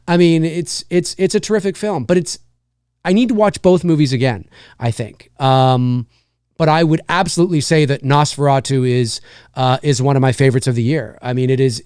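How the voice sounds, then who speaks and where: In a fairly high, darkish voice that's clear and resonant, an indie filmmaker hosts a live stream, casually discussing films and answering viewers. His replies ramble and self-correct. Clean studio sound, with no echo.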